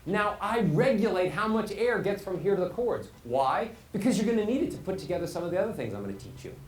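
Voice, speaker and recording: Male voice coach at a live workshop, lively pitch, roomy echo with faint hum of the hall. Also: fast talker. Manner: animated, demonstrative, questions the audience.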